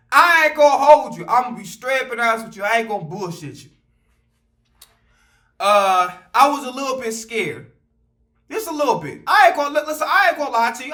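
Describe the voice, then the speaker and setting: A man telling a casual storytime vlog, animated and profane, rambling with fillers and restarts. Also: very high voice.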